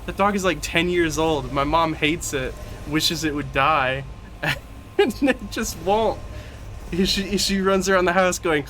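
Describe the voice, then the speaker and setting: A man's voice: a little high, a little slow, fairly bright tone, slight background noise. Giggly, rambling man streaming a game. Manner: rambling, giggly, profane storytelling. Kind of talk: casual gameplay commentary.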